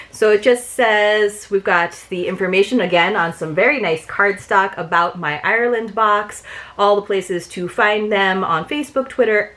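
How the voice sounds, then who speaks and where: A woman's voice: mid-range voice, a bit bright. Gushing chatty woman unboxing. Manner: chatty and gushing, many fillers. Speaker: unboxing vlogger. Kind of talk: casual unboxing chat.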